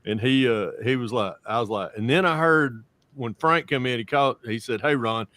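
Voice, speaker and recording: A man's voice: medium pitch, moderate pace, sharp tone, dry recording. A man hosting a casual video-call hangout, rambling through stories and laughing often. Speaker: host. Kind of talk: casual chat.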